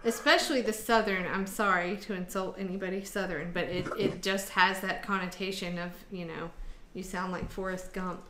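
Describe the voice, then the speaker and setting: A woman's voice: fairly low pitch, fairly even intonation, moderate pace, few pauses, fairly bright tone, roomy sound, slight background noise. A woman from Michigan hosting a casual chat over a video call, rambling with many fillers. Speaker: host.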